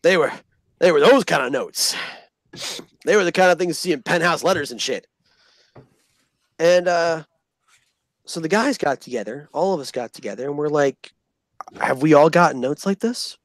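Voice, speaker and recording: A man's voice: a little high, moderate pace, pauses often, dry recording. A man casually telling a profane story in a vlog, acting out the people he quotes. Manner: animated, profane, acts out quoted voices. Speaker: storyteller recounting army basic training.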